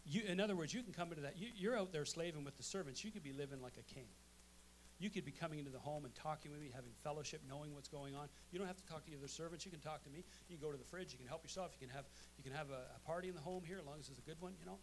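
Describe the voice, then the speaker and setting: A man's voice: fairly high pitch, very fast, slight background noise. A male pastor preaching a sermon to his congregation, emphatic, often asking "amen?". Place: church sanctuary.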